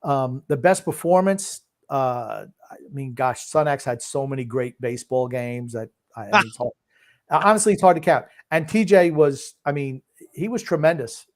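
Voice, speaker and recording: A man's voice: mid-range voice, normal speed. An older man co-hosting a casual sports chat, reading viewer comments aloud and teasing his family. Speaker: podcast co-host reading comments.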